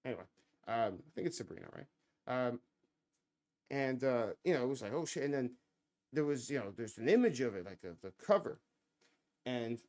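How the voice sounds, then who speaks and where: A man's voice: mid-range voice, no echo. A man in his thirties hosting a live stream, talking casually in loose, profane rambles with many fillers and restarts.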